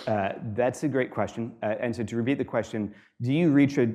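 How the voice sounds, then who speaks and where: A man giving a university guest lecture in a relaxed, explanatory way, with frequent fillers, repeating students' questions aloud. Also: fairly low pitch. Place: lecture hall.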